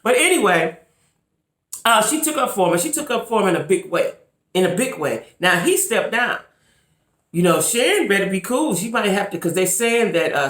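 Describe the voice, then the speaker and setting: A woman's voice: lowish voice, fairly bright tone, roomy sound. A woman vlogging to camera in casual commentary, emphatic and repetitive, talking straight to her viewers. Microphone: camera mic.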